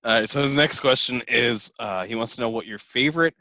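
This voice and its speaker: A man's voice: medium pitch, brisk, pushed and bright, no echo. A man hosting a casual podcast interview, reading out listener questions and laughing easily along with his guest. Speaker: podcast host.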